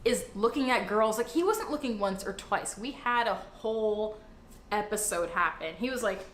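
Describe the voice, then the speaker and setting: A woman's voice: medium pitch, lively intonation, moderate pace, a bit bright. A woman in her twenties telling a dramatic story in a chatty way, swearing freely. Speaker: storyteller in a clip. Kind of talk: casual storytelling. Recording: echoey room, faint noise.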